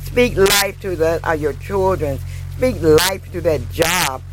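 Brief: female preacher, slow measured sermon, audible background noise. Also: on the low side. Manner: slow, deliberate preaching with repeated hallelujahs. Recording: noisy recording.

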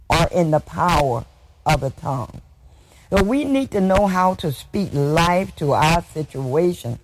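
A man preaching a sermon in a slow, measured way, often saying hallelujah and sometimes drifting into a sing-song lilt. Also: a little high. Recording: noisy background hiss.

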